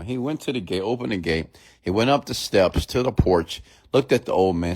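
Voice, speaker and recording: A man's voice: medium pitch, lively intonation, a little fast, a little mellow. A man giving a blunt, emphatic motivational sermon and telling a story to his audience. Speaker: motivational speaker.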